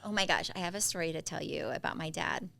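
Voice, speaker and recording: A woman co-hosting a podcast, chatting casually and telling animated stories. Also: low-pitched, fast talker, vocal fry, a little hiss or hum. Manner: chatty storyteller, animated quotes. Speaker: podcast co-host. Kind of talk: casual chat.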